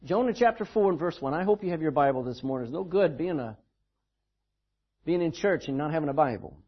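A man's voice: a little high, expressive, brisk, breathy edge, muffled recording. A man preaching a sermon in a church, telling the story dramatically and with emphasis. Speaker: pastor.

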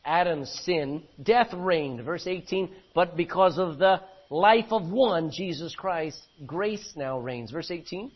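A man's voice: fairly high pitch, slow pace, few pauses, husky, dull audio. A man preaching an expository sermon. He reads scripture verse by verse, then explains it with questions to the congregation. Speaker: pastor.

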